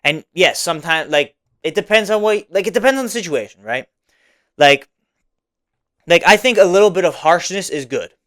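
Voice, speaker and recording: A man's voice: sits high, animated, moderate pace, a bit bright. Young man rambling with lots of fillers. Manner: rambling, many fillers like "like" and "right?". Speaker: podcast host. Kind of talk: casual solo podcast monologue.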